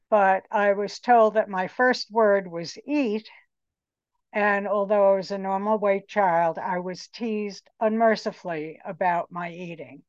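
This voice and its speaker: A woman in her late seventies giving a personal recovery testimony, reflective and pausing often. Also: mid-range voice, dry recording, highs cut off. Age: 70s. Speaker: recovery meeting speaker.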